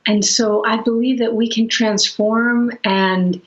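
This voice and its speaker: A woman's voice: a little high, steady tone, takes it slowly, dull audio. A woman yoga and energy teacher talking earnestly and fluidly in a webinar, often restarting her phrases. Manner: earnest and flowing, with many restarts and soft fillers. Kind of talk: webinar talk.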